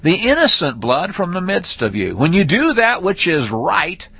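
A man teaching a Torah portion in a lively, folksy, conversational way, rereading verses with shifting emphasis. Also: high-pitched, normal speed, husky, no room sound. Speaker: Bible teacher.

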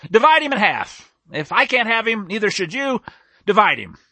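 A man's voice: high-pitched, very animated, normal speed, bright, forceful tone, no echo, full character voice. A man voicing a spiteful young woman who coldly shrugs off a baby's fate in a retold scripture story. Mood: callous. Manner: flippant, spiteful.

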